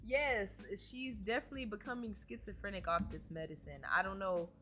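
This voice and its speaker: A woman's voice: mid-range voice, lively intonation, a little fast, bright, forceful tone. A woman streamer reading a story aloud to her chat and commenting on it in slangy, swearing, playful casual talk.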